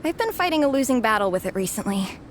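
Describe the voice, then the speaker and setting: An actress playing a theatrical young student and comic-book fan in a game, talking in an expressive, dramatic manner. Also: female voice, fairly high pitch, quick pace, a little hiss or hum. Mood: pleading. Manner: theatrical, pleading then mock-solemn.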